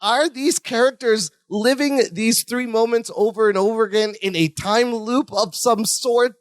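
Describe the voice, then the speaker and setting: Man, high voice, podcast co-host, amused, laughs often, dry close mic. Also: a little slow, dry recording. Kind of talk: casual chat recapping a sitcom episode.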